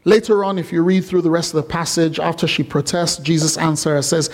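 A male pastor delivers a sermon in a high, bright-toned voice. He is animated and chatty, often breaking into asides and joking with the congregation. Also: a little fast, hardly any pauses. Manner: animated, conversational, playful.

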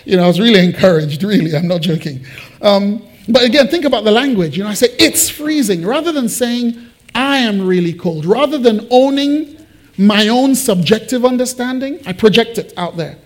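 High-voiced pastor preaching. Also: male voice, moderate pace. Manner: conversational, animated with joking asides. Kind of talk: sermon. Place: church building.

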